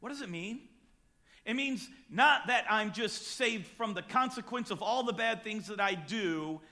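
A man preaching a sermon, moving between quiet, close talk and sudden loud, emphatic shouts. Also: high-pitched, expressive, measured pace.

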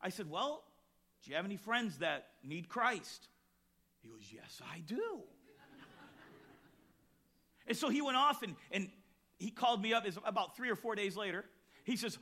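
A man, a pastor, preaching a sermon and telling a personal story, acting out the voices he quotes and swinging between loud bursts and hushed lines. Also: high voice, sing-song, moderate pace, long pauses.

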